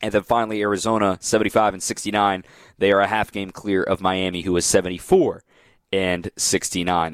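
A man hosting a post-game radio sports talk show, running through standings and schedules in a quick, animated way. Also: deep voice, no echo.

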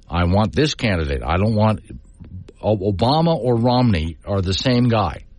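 A man's voice: on the low side, darkish tone, no echo. A middle-aged man hosting a call-in talk radio show, talking in an emphatic, conversational way with rambling asides. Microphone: studio microphone.

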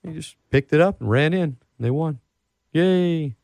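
A man's voice: fairly high pitch, fairly quick, vocal fry, no room sound. A man hosting a casual sports talk show, rambling and getting worked up as he talks. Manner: animated, rambling, gets worked up. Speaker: podcast host.

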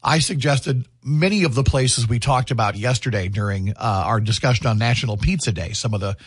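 A man's voice: medium pitch, fairly quick, breathy edge, dry recording, studio quality. A middle-aged man, co-hosting a morning radio show and telling stories in casual banter. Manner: chatty storyteller, animated, laughs easily.

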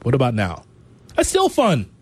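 A man's voice: mid-range voice, wildly swooping pitch, normal speed, husky, no room sound. A man co-hosting a sports talk radio show in a studio, upbeat, laughing easily and reading station promos. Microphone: studio mic.

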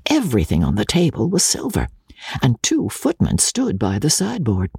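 A man narrates a classic novel with a lively, rising and falling delivery. His voice is gravelly and somewhat husky. The recording is dry and close. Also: mid-range voice, moderate pace, no echo. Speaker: reader. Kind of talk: reading a classic novel aloud.

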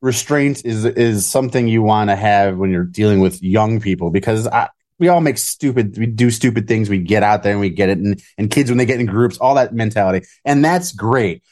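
A man's voice: fairly low pitch, brisk, hardly any pauses, a little mellow. A man co-hosting a talk show, opinionated and sarcastic, ramping up into heated rants. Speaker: podcast co-host.

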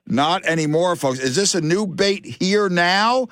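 A man hosting a fishing radio show, excitable and joking, with playful slang and frequent laughs. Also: high-pitched, unhurried, hardly any pauses, dry recording, studio quality.

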